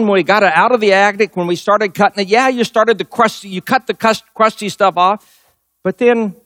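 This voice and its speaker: A man's voice: sits high, fairly bright tone, dry recording, clean studio sound. A middle-aged male pastor preaching a sermon, telling a personal story and driving points home with emphatic repetition.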